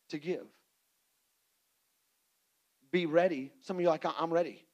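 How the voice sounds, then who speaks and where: A man preaching a sermon as pastor, animated and playful, acting out little scenes for the congregation. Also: on the high side, low-quality recording.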